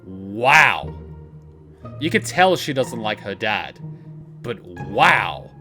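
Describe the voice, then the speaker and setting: A man's voice: lowish voice, big pitch swings, takes it slowly, sharp tone, soft background music. An Australian man giving casual gameplay commentary, telling rambling stories and swearing freely. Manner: profane, rambling storyteller. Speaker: let's play host.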